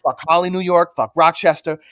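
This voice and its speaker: A man's voice: on the high side, fairly even intonation, fairly quick, fairly bright tone, no echo, studio quality. A man co-hosting a podcast in casual comedic chat, ranting with profane mock outrage. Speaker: podcast co-host.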